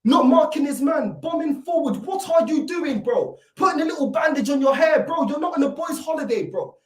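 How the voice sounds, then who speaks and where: A woman's voice: sits high, lively intonation, fairly quick, a little mellow. A woman delivering a fuming, repetitive rant as a football fan reacting to a match. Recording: echoey room, mic at a distance.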